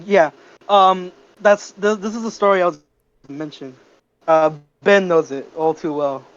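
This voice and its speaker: High-voiced teen guy telling a story. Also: measured pace, muffled recording. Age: teens. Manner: animated, swears freely. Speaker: podcast co-host. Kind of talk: casual storytelling.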